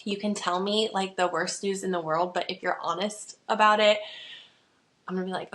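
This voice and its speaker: A woman's voice: medium pitch, steady tone, normal speed, fairly bright tone. A woman in her thirties hosting a podcast, telling her own story candidly in a chatty way, full of "like" fillers. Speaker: podcast host. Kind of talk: casual personal storytelling.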